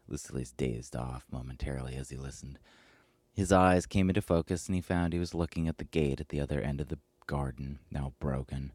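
A man hosting a podcast, reading a scripted story in a slow, measured way. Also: extremely low pitch, darkish tone, breathy edge, no room sound. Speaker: podcast host and narrator.

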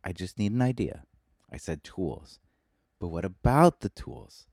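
A man's voice: low voice, expressive, measured pace, a little mellow, slightly rough, no echo, clean studio sound, pitched above the performer's own voice, exaggerated voice. A man voicing a tired, exasperated roommate who answers in a curt, fed-up way.

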